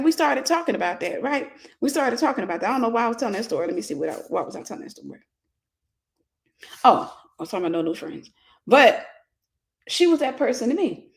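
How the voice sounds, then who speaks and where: A woman minister in her forties telling a personal story in a casual livestream sermon, greeting viewers by name. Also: sits high.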